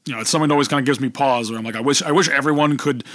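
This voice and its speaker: A man's voice: mid-range voice, rapid-fire, fairly bright tone, dry recording, clean studio sound. A man, a voice actor and storyteller, talking reflectively in a casual interview, rambling and restarting his thoughts. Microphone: close podcast microphone.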